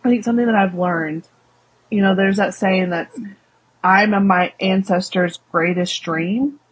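Woman, young, Southern accent, husky breathy voice, candid and animated, casual interview. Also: medium pitch, unhurried, poor audio. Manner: candid, animated, many fillers. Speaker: guest.

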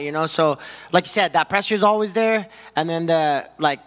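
Excited male fighter, post-fight interview, bright tense voice, long reverb. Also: on the high side, moderate pace. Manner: excited, rambling with lots of "you know".

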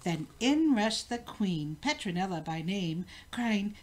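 An older woman, a grandmother, reading a rhyming picture book aloud in a rhythmic, expressive way. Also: lowish voice, slow, few pauses. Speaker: storybook reader.

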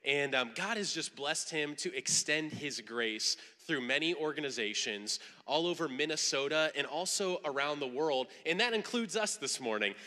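Bright-voiced man introducing in a reverberant hall. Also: fairly high pitch, lively intonation, moderate pace, hardly any pauses. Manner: warm, praising introduction. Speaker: church leader introducing the guest speaker. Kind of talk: introduction from the stage. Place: church sanctuary.

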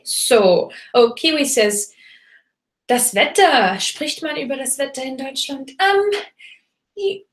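A woman with a somewhat high voice teaches German in a relaxed live webinar, trading English explanations for German examples. Her talk is loose and chatty, full of fillers and restarts. The sound carries a roomy echo.

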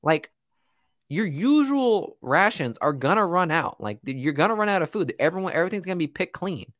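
A man's voice: high-pitched, very animated, a little fast, fairly bright tone, dry recording, studio quality. A man co-hosting a casual chat show, joking and crude. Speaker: podcast co-host.

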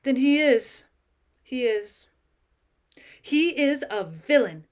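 A woman's voice: sits high, very animated, normal speed. A woman reading the part of a distressed young wife stranded in the city, speaking in a pleading, insistent way. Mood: tearful.

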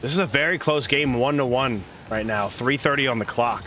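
A man's voice: mid-range voice, a little fast, pushed and bright, a little hiss or hum. A man hosting a stream and adding playful, jokey color commentary, greeting viewers along the way.

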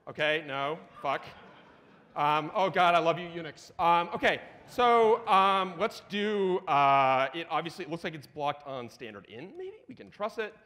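A man giving a live lightning talk at a conference while demoing a terminal, excitable and profane, with rapid asides. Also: on the high side. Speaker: conference speaker. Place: conference hall. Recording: reverberant conference hall.

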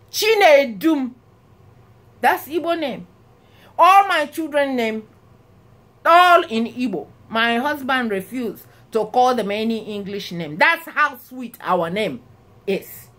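A vlogger with a Nigerian accent talks directly to camera in a high, bright voice, loose and conversational. She tells animated stories full of exclamations and bursts of laughter.

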